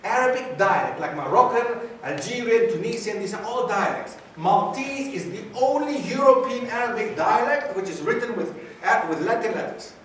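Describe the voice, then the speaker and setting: A man's voice: sits high, lively intonation, moderate pace, few pauses, fairly bright tone, recorded from a distance, a little hiss or hum. A man from Greece giving a lecture to students, quizzing the audience and repeating key phrases. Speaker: guest lecturer. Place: university lecture room. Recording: very echoey hall, taped from afar.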